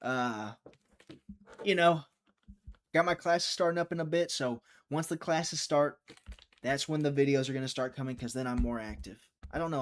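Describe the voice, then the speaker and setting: A young man hosting a live fight-watching stream, chatty and teasing, reading viewer chat aloud. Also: mid-range voice.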